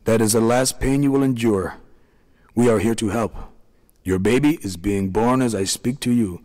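A man's voice: on the low side, normal speed, natural voice. A man voicing a kind, soothing leader of the little people, a small middle-aged man. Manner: gentle, soothing.

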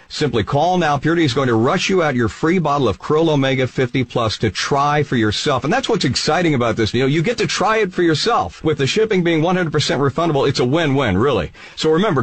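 Lively, husky-voiced radio infomercial host. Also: male voice, on the high side. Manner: upbeat salesy, reading out phone numbers.

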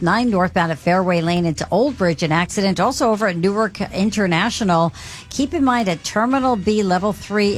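A woman reporting traffic on the radio in a brisk, matter-of-fact way. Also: medium pitch.

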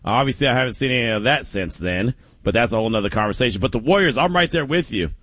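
Animated sports radio host, man. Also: mid-range voice, rapid-fire, no echo. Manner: animated, laughing, emphatic storyteller.

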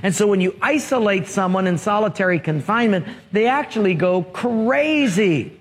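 A man's voice: high-pitched, expressive, normal speed. A man preaching a sermon, telling humorous stories and prompting the congregation to answer. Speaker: pastor. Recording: long hall reverb.

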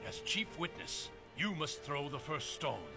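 Commanding zealot, gravelly, swooping and shouting, slow and forceful, radio drama. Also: male voice, fairly high pitch, very animated, over loud music, heavily acted. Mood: stern. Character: harsh male temple official leading a stoning, commanding.

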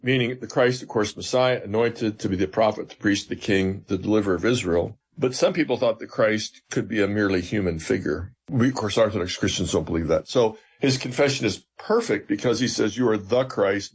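A man's voice: on the low side, fairly quick, few pauses, breathy edge. A man, a seminary professor, explaining scripture in an interview and retelling stories with emphatic quoted dialogue.

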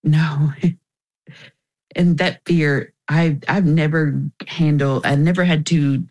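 A woman's voice: deep voice, steady tone, slow pace, darkish tone. A young woman, a guest in an interview, telling her personal story candidly and emotionally, with restarts along the way.

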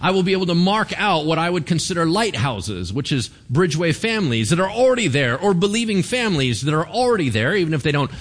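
A man, a pastor, giving a conversational sermon in an animated way and often checking in with the congregation. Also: fairly high pitch, fast, hardly any pauses. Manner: animated, keeps asking the congregation "right?".

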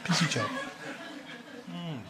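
Crude Australian stand-up comic. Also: male voice, a little high, takes it slowly, noisy background. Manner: crude, deadpan storytelling with quoted voices. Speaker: stand-up comedian. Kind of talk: stand-up comedy set. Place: comedy club stage before a live audience. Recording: live stage mic, loud crowd laughter. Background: audience laughter.

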